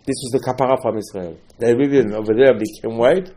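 A man teaching a Torah class in a lively storytelling sermon, mixing Hebrew terms into his English and swinging between loud bursts and quiet asides. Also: medium pitch, brisk. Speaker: religious teacher.

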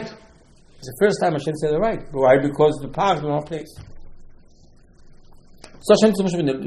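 A man's voice: on the high side, animated, unhurried, pauses often, a little mellow. A man teaching a Torah lesson as a rabbi, telling the story with acted-out dialogue, sudden emphatic rises, Hebrew terms and broken English phrasing.

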